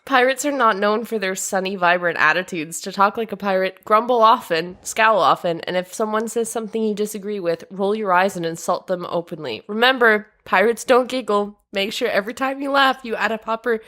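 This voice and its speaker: A woman's voice: medium pitch, normal speed, fairly bright tone. Wry woman co-hosting a podcast. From Canada. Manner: reads out steps with dry commentary, laughs easily. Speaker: podcast co-host. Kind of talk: casual comedic chat. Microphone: podcast microphone.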